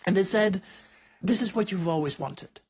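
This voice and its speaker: A man's voice: high-pitched, animated, normal speed, a little mellow, breathy edge. A man hosting a podcast interview, telling stories in a reflective, conversational way. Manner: reflective, storytelling, frequent "like" and "right?". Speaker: podcast host.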